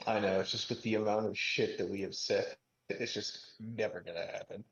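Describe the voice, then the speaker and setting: Gravelly-voiced teasing man. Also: fairly low pitch, fairly even intonation, normal speed. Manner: teasing, opinionated, swears casually. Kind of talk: casual chat. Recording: roomy lo-fi recording.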